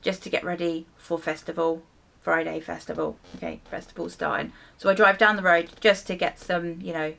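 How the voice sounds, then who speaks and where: A young woman telling a casual storytime while she does her hair, lively and a little sweary as she acts out her reactions. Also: lowish voice, normal speed, creaky. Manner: animated storytelling with mild swearing and acted-out reactions. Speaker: beauty vlogger.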